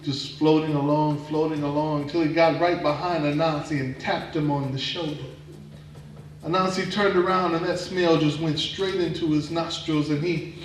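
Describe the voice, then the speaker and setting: A man telling a folktale live at a performance venue, expressive and dramatic, drawing out words. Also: fairly high pitch. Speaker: storyteller. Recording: echoey room from a distant mic.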